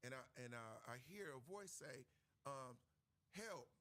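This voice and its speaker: A man's voice: mid-range voice, lively intonation, unhurried, sharp tone. A man telling a rambling, laughing story in a casual chat, acting out quotes.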